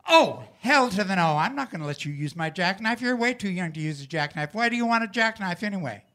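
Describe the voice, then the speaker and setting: A blunt, grumbling dairy-farmer dad who fires off his refusals quickly, as an older man retells him. The voice is bright and rather high for a man. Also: expressive. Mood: gruff. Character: gruff cussing dairy-farmer dad, middle-aged.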